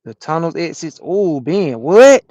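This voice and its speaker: Man, trucker chatting with a live stream, relaxed and talkative, somewhat high voice, dry sound. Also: a little slow, no echo, dull audio. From Atlanta, USA. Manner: relaxed and chatty, repeats phrases, answers chat comments. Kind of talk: casual live-stream chat with viewers.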